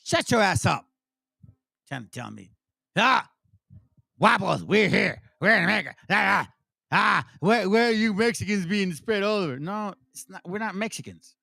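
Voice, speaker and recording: A high-voiced man rants in angry, mocking commentary, swearing constantly and breaking into scornful laughter. His voice is close and dry, with almost no room sound. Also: lively intonation, normal speed, creaky, bright, forceful tone, no room sound. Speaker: commentary channel host. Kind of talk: profane commentary rant over played clips.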